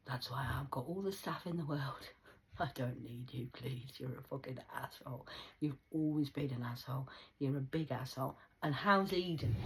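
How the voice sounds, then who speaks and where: A woman in her forties giving a rambling, mocking monologue, swinging between loud outbursts and hushed whispers. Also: very deep voice, brisk, slight background noise, poor audio. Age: 40s. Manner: mocking, preachy tone.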